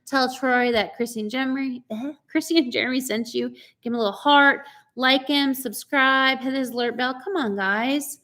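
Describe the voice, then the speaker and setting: Brief: bubbly woman co-hosting a live chat, slightly high voice. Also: steady tone, moderate pace, hardly any pauses, bright, forceful tone. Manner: chatty and bubbly, greets viewers by name, laughs often. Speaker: co-host of a live chat stream. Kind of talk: casual live-stream chat reading viewer comments.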